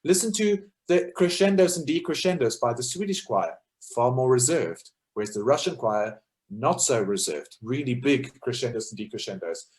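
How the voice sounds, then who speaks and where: A man's voice: medium pitch, expressive, moderate pace, a little mellow. Man explaining choral music examples. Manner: explanatory, guiding listeners through examples. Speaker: lecturer and choral conductor. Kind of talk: illustrated talk on choral music.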